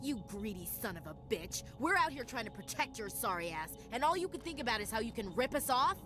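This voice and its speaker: A woman's voice: a little high, sing-song, fairly quick, fairly bright tone, soft background music. An actress playing a blunt, scornful female soldier.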